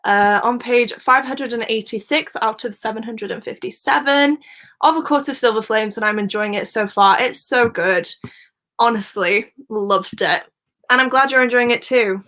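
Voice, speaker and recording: A woman's voice: a little high, normal speed, sharp tone. A woman from Wales, hosting a casual live stream, chatting easily, laughing often and reading out viewer comments.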